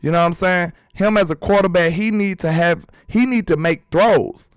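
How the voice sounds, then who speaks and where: A man hosting a casual sports talk vlog, animated and emphatic, full of rhetorical questions. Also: sits high, moderate pace, clean tone, no echo. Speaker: sports channel host.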